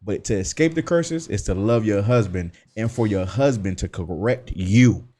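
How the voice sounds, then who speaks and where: A man hosting a casual religious discussion on a radio show, lively, acting out quoted voices and cursing freely. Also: fairly low pitch, moderate pace. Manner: animated, acts out quoted voices, swears.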